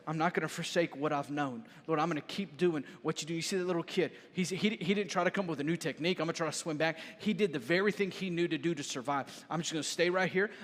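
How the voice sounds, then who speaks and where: A high-voiced male pastor preaching a lively sermon. He tells stories with energy and pushes his voice up loud at the peaks. The sound carries a long church-hall reverb. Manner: animated, storytelling, raises voice to shout lines.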